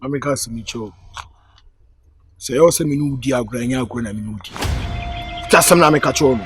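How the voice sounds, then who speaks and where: A man's voice: mid-range voice, brisk, music in the background. A man acting in a comedy sketch, arguing back defensively in a mix of English and Twi. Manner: argumentative, defensive.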